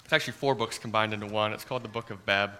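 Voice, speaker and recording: A man preaching a sermon in an earnest manner, often dropping to a soft hush and repeating words as he starts phrases. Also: lowish voice, steady tone, rapid-fire, a little hiss or hum. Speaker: pastor.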